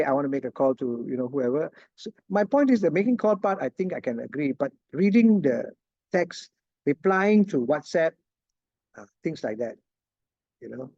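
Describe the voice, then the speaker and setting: A chatty man teaches an online class in a casual way. His voice sits a little high but sounds mellow. The sound is dull and lo-fi, like a video call. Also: no room sound. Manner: chatty, laughs often, asks "right?". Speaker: lecturer.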